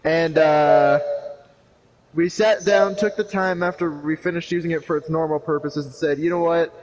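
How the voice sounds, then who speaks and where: A man's voice: fairly high pitch, moderate pace, poor audio. A man on a gaming livestream, animatedly narrating what happens in the game and acting out the other characters' lines. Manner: animated storytelling, acts out other people's lines. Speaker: streamer.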